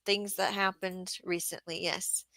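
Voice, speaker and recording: A woman's voice: lowish voice, level tone, a little slow, pushed and bright, no echo. A woman hosting a casual livestream about market gardening, chatting and reading viewer comments aloud.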